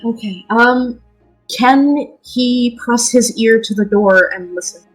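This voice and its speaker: A woman player in a tabletop game who talks slowly and casually and is easily amused. Her voice is a bit high, with faint music in the background. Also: poor audio.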